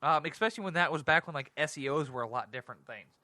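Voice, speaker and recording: A man hosting a casual solo talk show, rambling and excitable, often laughing at himself. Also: fairly high pitch, fast talker, no echo. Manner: rambling, giggly, self-deprecating; excitable and animated. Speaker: podcast host.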